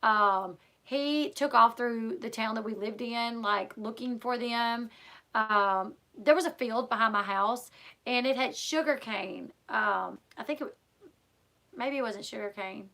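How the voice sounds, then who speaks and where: Bright, gravelly woman rambling. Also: fairly high pitch, a little slow. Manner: rambling, filler-heavy, lots of "like" and "um"; emotional, retelling a scare. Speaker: vlogger. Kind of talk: casual personal storytelling.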